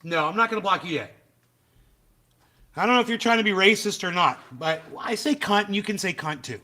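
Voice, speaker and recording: A man's voice: high voice, expressive, fairly quick, pushed and bright. A man hosting a livestream, ranting bluntly and profanely and chatting with his viewers. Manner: chats with viewers in the live chat. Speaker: livestream host. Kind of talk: casual livestream rant.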